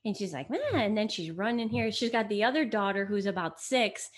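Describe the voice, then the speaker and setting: Middle-aged woman, Italian first language, animated chatty storyteller, guest mother on a home-made chat show. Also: medium pitch, a little fast. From United States. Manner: lively storyteller, acts out quotes. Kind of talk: casual chat. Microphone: camera mic in home setting.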